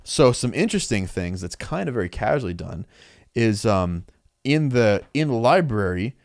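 Low-voiced man recapping a story casually. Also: no room sound, studio quality. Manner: animated storytelling with quick acted-out quotes. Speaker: podcast co-host recapping a comic. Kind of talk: casual chat.

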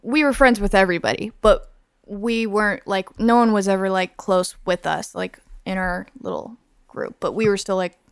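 A woman's voice: normal speed, gravelly, clean tone, dry recording, clean studio sound. A young woman in casual podcast chat, telling a story with lots of filler words. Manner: animated storyteller, acts out high-pitched voices in her stories. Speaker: podcast guest.

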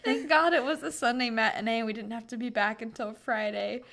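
A woman's voice: fairly high pitch, a little fast, creaky, a bit bright. A young woman co-hosting a podcast, chatting casually, reading listener stories aloud and laughing often. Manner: laughs often, chimes in with quips. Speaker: podcast co-host.

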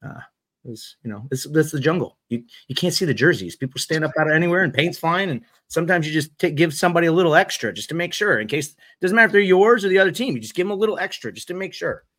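A man's voice: a little high, expressive, quick pace, a bit bright. A man co-hosting a podcast, telling a self-deprecating paintball story in a casual way. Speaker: podcast co-host and paintball player.

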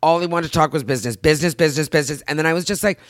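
A woman's voice: low-pitched, racing, dry recording, clean studio sound. Earnest, rambling woman on a podcast. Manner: earnest, emotional, repeats herself while rambling. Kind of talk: candid personal chat.

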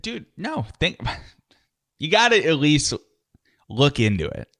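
A man's voice: on the high side, sing-song, takes it slowly, a bit bright. A man co-hosting a podcast, teasing his partner in a dry way and arguing the opposite side for laughs. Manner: dry, teasing, plays devil's advocate. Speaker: podcast co-host. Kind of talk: casual chat.

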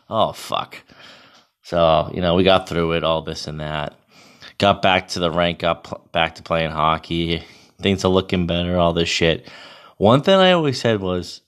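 A man in his thirties telling a casual, profane, animated story about himself. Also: deep voice. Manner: profane, animated, self-mocking.

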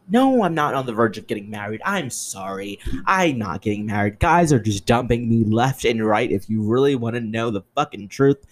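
A young man hosts his own podcast and rants alone at the mic. His pitch leaps up and down in a very lively way. He sounds exasperated and sarcastic, swears freely, and swings between loud outbursts and muttered asides. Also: normal speed. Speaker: podcast host. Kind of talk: solo podcast rant.

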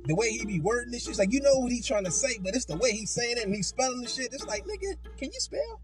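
A man joking along with the host in lively banter. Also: extremely high pitch, racing, faint music behind.

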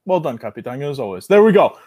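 A man in casual podcast chat, talking in a loud, hyped, bro-ish way as a guest. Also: medium pitch, big pitch swings, very fast.

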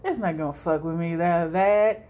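A woman's voice: fairly low pitch, moderate pace, muffled recording. A young woman hosting a solo podcast, rambling casually, swearing freely and laughing often. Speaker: podcast host.

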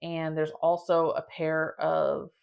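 Low-voiced woman telling a story dramatically. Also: slow pace, vocal fry, clean tone. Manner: dramatic, animated telling with many filler "like"s. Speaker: podcast host. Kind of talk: casual storytelling.

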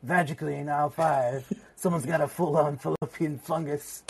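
A man's voice: on the high side, steady tone, normal speed, creaky, over a noisy crowd. A man doing a crude, mocking film character. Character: crude brash man from a comedy film, taunting.

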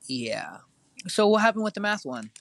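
A man's voice: sits high, sing-song, moderate pace, gravelly, a bit bright. A teenage boy co-hosting a casual chat, telling a long story with lots of fillers and restarts. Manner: rambling, filler-heavy storytelling.

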